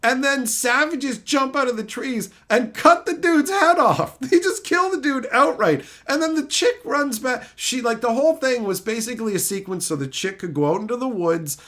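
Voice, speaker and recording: A man's voice: very high voice, lively intonation, moderate pace, hardly any pauses, fairly bright tone. A man streaming and chatting casually, ranting about a show with frequent swearing and mocking put-on voices. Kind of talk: casual chat.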